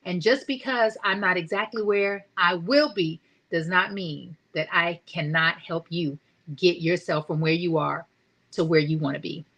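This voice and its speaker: Excited woman hosting a show. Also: on the low side, measured pace, rough recording. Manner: excited, energetic, asks rhetorical questions. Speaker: host. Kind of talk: motivational talk show monologue.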